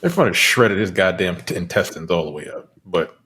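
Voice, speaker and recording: A man's voice: deep voice, animated, a little fast, pushed and bright, slightly rough. A man co-hosting a casual movie review chat, laughing often and mimicking characters. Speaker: podcast co-host.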